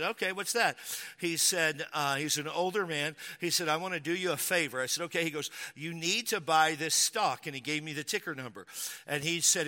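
A man's voice: a little high, sharp tone. A man pastor preaching a sermon, telling a humorous personal story before building into emphatic preaching. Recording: long hall reverb.

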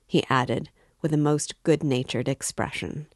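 A woman reading a classic novel aloud as an audiobook in a measured, even way. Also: rumbling low, vocal fry, no echo, studio quality. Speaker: audiobook reader. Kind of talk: literary audiobook narration.

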